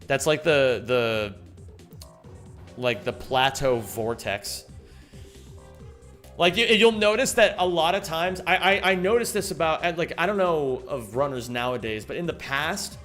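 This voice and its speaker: A man's voice: mid-range voice, lively intonation, measured pace, fairly bright tone, faint music behind. A young man live-streaming a game, chatting casually, thanking viewers and swearing freely as he rambles. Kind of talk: casual live-stream chat while gaming.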